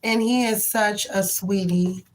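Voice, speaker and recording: A woman's voice: mid-range voice, fairly even intonation, unhurried. Female tarot streamer, casual and affectionate, faint background noise. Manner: chatty, affectionate, slangy; rhythmic chanted prayer. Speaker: tarot reader hosting a live stream. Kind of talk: casual live-stream chat with viewers.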